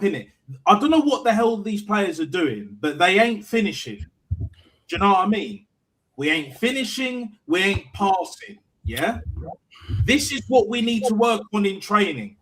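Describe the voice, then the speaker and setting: A man's voice: high-pitched, a bit bright, low-quality recording. A man giving an emphatic football fan reaction, hammering his points home with repeated catchphrases. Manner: emphatic, repeats "do you know what I'm saying". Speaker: fan channel host.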